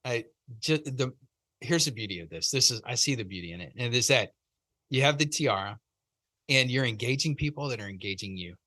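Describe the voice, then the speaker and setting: A man's voice: mid-range voice, expressive, a little fast, pushed and bright, no room sound. A man hosting a podcast, chiming in with short, enthusiastic affirmations in a casual interview. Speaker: podcast host.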